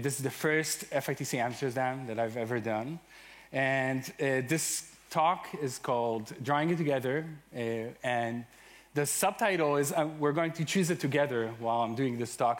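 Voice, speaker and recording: An enthusiastic man from Israel speaks into a microphone on a conference stage. His voice sits at a middle pitch. He talks with many fillers and a self-deprecating humor. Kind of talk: conference talk.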